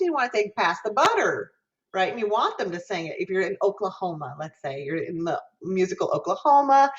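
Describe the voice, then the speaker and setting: A music education professor with a fairly low voice lectures on singing diction, explaining patiently, demonstrating vowel sounds aloud and asking the class questions. The recording has its highs cut off.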